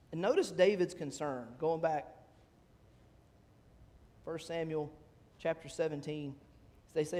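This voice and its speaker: A male pastor preaching a sermon in a church sanctuary, talking conversationally and rising in pitch on emphatic questions. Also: darkish tone. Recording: long church hall reverb.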